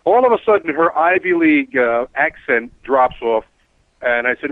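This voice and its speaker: A man's voice: mid-range voice, moderate pace, no room sound. A man, a cab driver who is a regular on a talk show, telling a rambling story and acting out the voices in it. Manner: rambling, animated storyteller, acts out quoted voices. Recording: tinny phone-like line.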